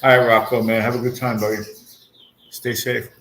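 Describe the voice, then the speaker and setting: A man in his forties, hosting a channel, chats casually with his livestream viewers, speaking straight to them and the chat while venting bluntly and swearing a lot. His medium-pitched voice is flat and a bit bright, at a moderate pace, with slight background noise.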